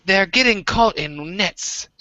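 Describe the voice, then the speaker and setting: A man's voice: lively intonation, slow, bright, forceful tone, no echo, lo-fi sound, exaggerated voice. A man voicing a pompous British-accented nature-documentary narrator with a put-on British accent. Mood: grandiose. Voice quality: grand, booming narration.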